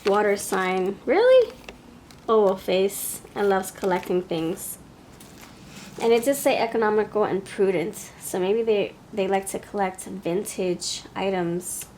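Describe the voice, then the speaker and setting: A woman's voice: medium pitch, steady tone, measured pace, a little mellow, slight background noise. A woman with a New York accent giving a pick-a-card tarot reading, chatty and thinking aloud as she goes. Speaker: tarot reader.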